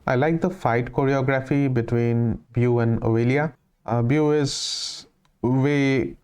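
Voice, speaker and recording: A man talks through his reactions in a relaxed, musing way, sharing thoughts as they come to him. His voice is smooth and resonant and sits at an ordinary middle pitch. It sounds like a casual solo reaction commentary. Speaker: reaction channel host.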